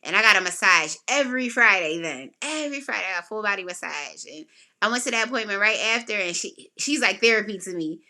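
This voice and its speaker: This woman talks fast at a medium pitch while hosting a podcast. In a relaxed chat she recounts something that happened to her, full of emotion and energy, and she raises her voice whenever she quotes someone.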